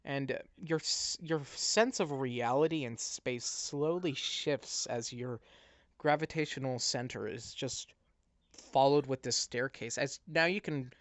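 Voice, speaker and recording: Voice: medium pitch, dry recording. A game master narrating a tabletop session over voice chat, rambling with many fillers. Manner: rambling, filler-heavy, quick to laugh.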